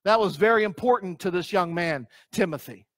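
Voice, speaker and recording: High-voiced pastor preaching emphatically. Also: male voice, lively intonation, brisk, no echo. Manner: emphatic, repeats key phrases; asks the congregation direct questions. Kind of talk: sermon.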